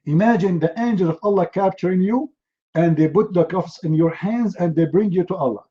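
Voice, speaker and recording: A man's voice: sits high, animated, normal speed, dark tone, lo-fi sound. A man giving a humorous talk, telling stories in a mocking, sarcastic way. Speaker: speaker.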